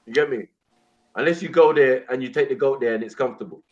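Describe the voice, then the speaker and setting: A man's voice: mid-range voice, fast talker, dull audio. A young man, joking loosely and chiming in during crude banter on a stream. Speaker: stream co-host.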